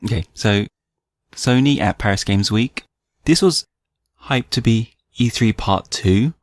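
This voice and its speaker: A man's voice: fairly low pitch, measured pace, dry recording. A man co-hosting a podcast in casual chat, wry and laid-back. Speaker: podcast co-host.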